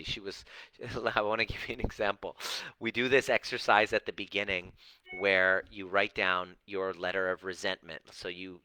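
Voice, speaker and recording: A man coaching live viewers, telling stories with lively acted-out dialogue and casual swearing. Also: sits low, clear, resonant tone, no echo, poor audio. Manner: animated storytelling, acts out dialogue, swears casually. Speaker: relationship coach. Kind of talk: live-stream coaching talk.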